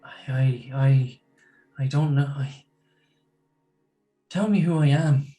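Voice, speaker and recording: A man voicing a monk who has lost his memory and speaks in halting bits. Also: medium pitch, dark tone, faint music behind, close to an everyday voice. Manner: halting, hesitant.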